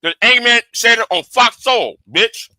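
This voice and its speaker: Man, very high voice, sharp and bright, angry profane livestream rant, dry close sound. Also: expressive, moderate pace, no room sound, rough recording. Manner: angry, profane, directly addressing a rival. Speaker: live streamer. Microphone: streaming setup.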